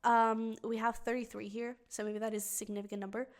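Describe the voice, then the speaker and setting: Woman tarot reader, a little high-pitched, chatty and earnest, talks straight to camera. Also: level tone, brisk. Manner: earnest and emotionally invested, speaks directly to the viewer; chatty, thinks aloud while reading the cards. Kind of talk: pick-a-card tarot reading to viewers.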